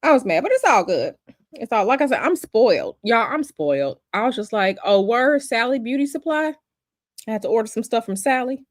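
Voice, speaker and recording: A woman's voice: on the high side, sing-song, a little fast, no echo, clean studio sound. A woman hosting a casual livestream, chatty and sassy, calling her viewers y'all and baby. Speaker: livestream host.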